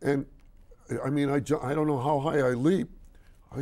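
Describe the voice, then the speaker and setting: A man's voice: mid-range voice, moderate pace, dark tone. An older man telling a story as an interview guest, hesitant and full of restarts, who acts out the voices of the people in it. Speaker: interview guest, company chairman.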